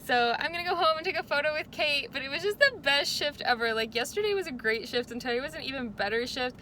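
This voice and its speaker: A woman's voice: sits high, fast talker, sharp tone, a little hiss or hum. A young woman chatting casually to camera in a vlog, bubbly and gushing, with lots of fillers. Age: young adult. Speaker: vlogger.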